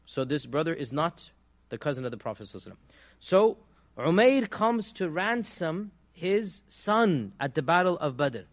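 Male religious teacher, fairly high voice, patient lecture delivery with frequent fillers and check-ins. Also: sing-song, moderate pace. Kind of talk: classroom lecture.

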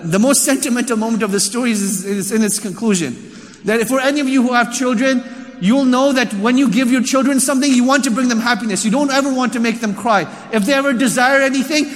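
A man telling a story in a sermon, in an animated, conversational way. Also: extremely high pitch. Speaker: preacher. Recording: long hall reverb.

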